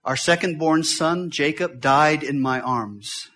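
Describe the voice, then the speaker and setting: A middle-aged man preaching a sermon as a visiting pastor in a church, talking fast and swinging from loud bursts to hushed, quiet stretches. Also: on the high side.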